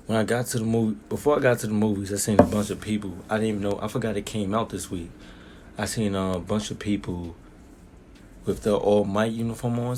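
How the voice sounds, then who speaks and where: A young man with a lowish voice talks through a film review in a loose, rambling way, piling on slang and restarting his sentences. Faint background noise hums under him. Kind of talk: casual spoken review.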